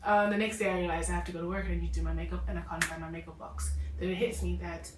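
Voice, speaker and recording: A woman chatting on a podcast, telling stories quickly and with feeling. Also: fairly low pitch, recorded from a distance. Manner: fast, animated storytelling. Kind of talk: casual chat. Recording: roomy echo, from off mic, faint noise.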